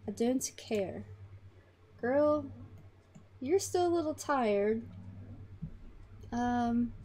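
A woman's voice: on the high side, dark tone, slight background noise. A woman hosting a gaming channel, chatting casually to her characters as she plays. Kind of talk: casual life-sim gameplay commentary.

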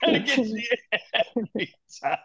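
Panel guest, male, fairly high voice, giggly storyteller, muffled lo-fi sound. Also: lively intonation, moderate pace, a loud crowd. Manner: laughs a lot while retelling scenes. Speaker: cast member on a panel. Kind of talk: casual chat. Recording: muffled lo-fi audio.

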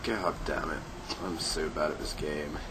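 A young man giving casual gameplay commentary, excitable, yelping and swearing when he fails. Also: very deep voice, unhurried. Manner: excitable, swears and yelps at failures. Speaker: let's play gamer. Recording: noisy home recording.

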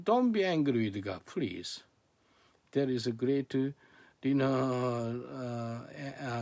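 A male pastor preaching a sermon dramatically, swinging from hushed to loud and asking many rhetorical questions. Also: on the high side, creaky, no echo.

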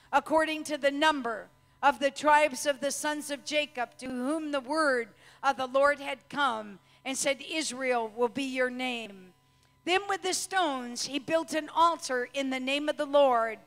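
A woman preaching a sermon with fervor, building to shouts and slow, drawn-out declarations. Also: high-pitched. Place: church hall. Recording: long hall reverb.

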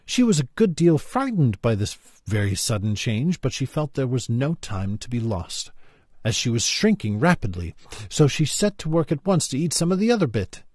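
A man reading a children's classic aloud in an expressive, storytelling way. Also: medium pitch, moderate pace, no echo, clean studio sound.

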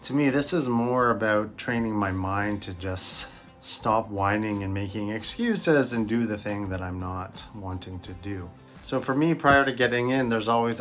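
A man's voice: on the low side, unhurried, fairly bright tone, faint music behind. A man vlogging from a cold bath in his home bathroom, talking candidly and coaching viewers in a self-deprecating way. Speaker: wellness vlogger. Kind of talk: casual talk to camera.

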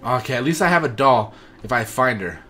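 A man commentating his own horror game playthrough, jumpy and excitable, swinging from nervous mutters to panicked yelps. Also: medium pitch, fairly quick. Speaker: gaming channel host.

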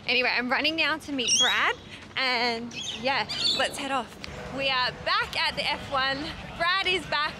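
A woman's voice: high-pitched, normal speed, noisy background. A young woman with an Australian accent, chatting casually to a handheld camera as a vlogger and swearing freely in rambling asides. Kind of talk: casual vlog talk to camera.

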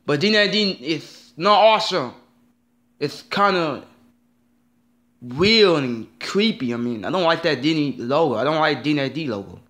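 A man's voice: on the high side, expressive, moderate pace, long pauses, fairly bright tone. Upset man ranting with lots of repeats. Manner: upset, rambling, repeats himself, swears often. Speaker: vlogger. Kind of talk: ranting vlog.

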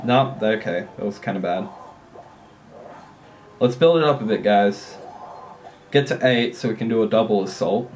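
A man giving casual, excitable commentary while playing a mobile strategy game, often swearing and laughing at his own play. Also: on the low side, moderate pace, pauses often, a little hiss or hum.

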